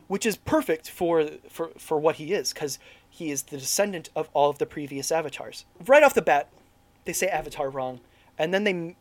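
A man's voice: fairly high pitch, no echo. A man ranting in an exasperated, casual way as he reviews a film with a co-host, often restarting his sentences.

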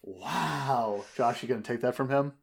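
A man's voice: medium pitch, a little slow, gravelly. A man hosting a podcast, talking casually and teasing his guest. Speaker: podcast host.

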